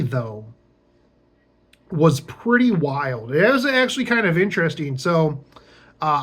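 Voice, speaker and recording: A young man drawls through a casual vlog story at an unhurried pace, his voice sitting a little on the high side. He rambles with plenty of fillers and restarts, and drops wry, sarcastic asides along the way. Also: fairly bright tone. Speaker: vlogger.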